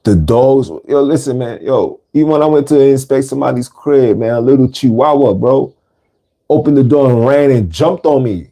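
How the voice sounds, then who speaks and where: A man's voice: medium pitch, normal speed, warm tone. A man hosting a podcast, talking casually in street slang and repeating words for emphasis. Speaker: podcast host. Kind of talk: casual monologue.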